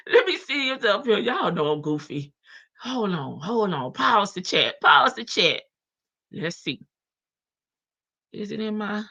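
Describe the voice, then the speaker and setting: A woman's voice: on the low side, fairly bright tone. A woman hosting a casual live stream, chatting and laughing with her viewers in as she reads updates. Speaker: livestream host. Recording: dull lo-fi stream audio.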